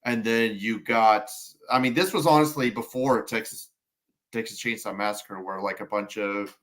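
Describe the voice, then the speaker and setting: Male podcast co-host, lowish pitch, hesitant and halting in casual chat. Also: a bit bright. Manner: halting, hesitant, many restarts.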